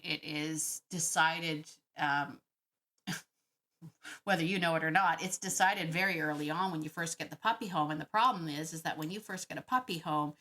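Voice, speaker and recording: A woman hosting a dog-training Q&A, talking casually and thinking out loud with frequent laughs. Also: lowish voice. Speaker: dog trainer podcast host. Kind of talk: casual Q&A monologue.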